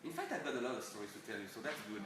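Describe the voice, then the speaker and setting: A man from France with a French accent and French as his first language, giving a live talk in halting English full of restarts and fillers. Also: medium pitch, sing-song, a bit bright. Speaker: guest speaker. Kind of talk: live presentation. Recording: echoey room, far mic, noise.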